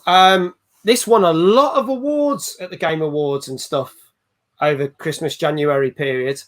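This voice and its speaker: High-voiced man hosting a gaming chat. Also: a little slow. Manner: upbeat, chatty, hands the floor to guests. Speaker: host.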